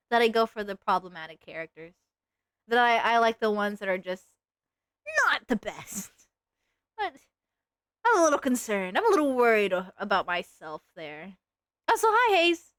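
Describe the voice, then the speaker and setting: Young woman streamer, slightly high, animated, chatty and self-mocking; dry close mic. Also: dry recording. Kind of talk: casual live-stream chat while drawing.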